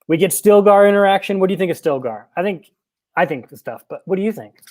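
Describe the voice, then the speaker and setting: A man's voice: sits high, animated, fast, darkish tone. A young man co-hosting a casual podcast, retelling film scenes with quoted bits and frequent laughs. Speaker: podcast co-host.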